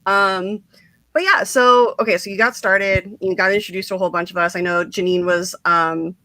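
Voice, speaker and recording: A woman's voice: mid-range voice, steady tone, moderate pace, sharp tone, no room sound. A woman hosting a casual livestream interview, telling stories in a bubbly, giggly way with lots of "like". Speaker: host.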